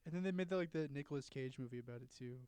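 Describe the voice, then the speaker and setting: A man's voice: mid-range voice, very fast, a crowd in the background. A young man co-hosting a podcast in casual chat, blunt and teasing, laughing often. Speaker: podcast co-host.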